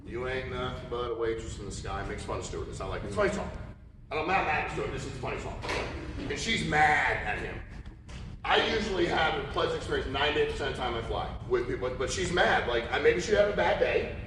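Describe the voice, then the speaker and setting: A man's voice: medium pitch, fast, background noise. A man speaking at a conference, telling stories and acting out the voices of people in them. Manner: animated storyteller, acts out quotes. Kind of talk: storytelling keynote talk. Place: large conference hall. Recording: echoey hall from far off.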